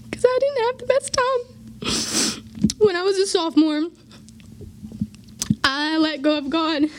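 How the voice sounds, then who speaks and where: A graduating girl in her late teens gives a heartfelt farewell speech to her church youth group, tearful and laughing through her tears. Her voice is very high, with a little hiss or hum on the recording.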